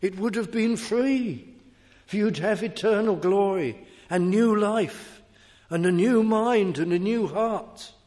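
A man's voice: high-pitched, slow pace, a little mellow, pitched above the performer's own voice. Sorrowful divine voice pleading with pity, raised and intense, as a male preacher puts it on. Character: sorrowful, pitying God pleading with a fool. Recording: echoey hall reverb.

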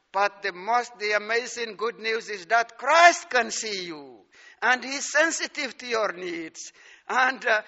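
A male preacher delivers a sermon in a high, very bright voice, pacing his words slowly and stressing each point. His voice rings through a big reverberant hall, and the recording sounds somewhat dull. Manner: slow, emphatic preaching with scripture readings.

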